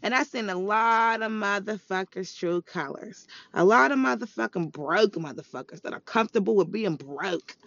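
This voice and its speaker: In a muffled, dull lo-fi recording, a woman with a mid-range, slightly bright voice rants in a profane, scolding vlog monologue. She talks at normal speed with vocal fry and few pauses, emphatic and repetitive, and there's no echo.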